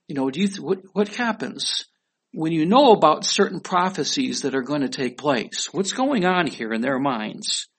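A man preaching a sermon in a conversational way, asking his listeners questions. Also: on the high side. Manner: conversational, asks the audience questions. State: weak voice. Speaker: pastor.

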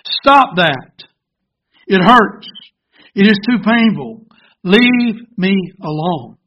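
A man's voice: high voice, very animated, slow, highs cut off, heavily acted. A man voicing a female teacup in a sermon story, crying out in desperate pleas. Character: pleading female teacup under torment.

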